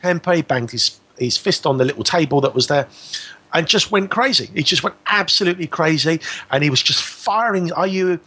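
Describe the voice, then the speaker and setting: A man's voice: fairly high pitch, expressive, fairly quick, pushed and bright, slightly rough. A man telling a personal story as a guest on a radio talk show, acting out both sides of the exchange.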